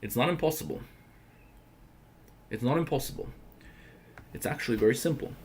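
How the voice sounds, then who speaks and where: A man's voice: mid-range voice, normal speed, slight background noise. A man from the Balkans hosting a livestream, answering viewer questions in a blunt, profane, emphatic rant. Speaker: livestream host.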